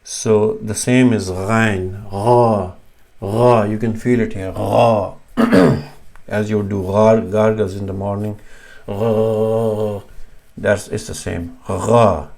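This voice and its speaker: A man with a fairly low, a little mellow voice teaches Arabic letter sounds in a flat, unhurried delivery. He slowly and patiently demonstrates each sound, correcting himself along the way.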